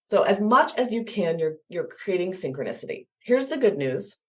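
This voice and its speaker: Animated woman explaining attachment. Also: fairly low pitch, normal speed. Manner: animated, acts out examples in voices. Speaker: guest expert on attachment. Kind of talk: explaining in an interview.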